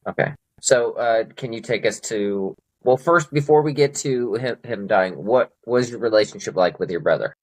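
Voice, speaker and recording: A man with a low voice hosting a conversational podcast interview. He responds warmly to his guest and shares his own experience in a sincere, affirming way. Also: moderate pace, low-quality recording. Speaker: podcast host.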